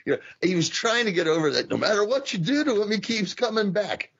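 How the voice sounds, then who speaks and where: A husky-voiced man talks loosely on a podcast, cursing, laughing and breaking into impressions of old wrestling promos. The sound is dull and lo-fi. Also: high-pitched, sing-song, quick pace. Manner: swears freely, laughs, mimics wrestlers' promos. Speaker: podcast co-host. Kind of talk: casual chat. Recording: dull lo-fi audio.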